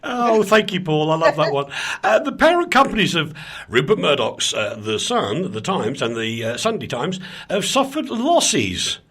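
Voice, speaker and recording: Bright, husky male co-host. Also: fairly high pitch, very animated, normal speed. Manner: chuckling, teasing. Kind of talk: casual banter, reading news items.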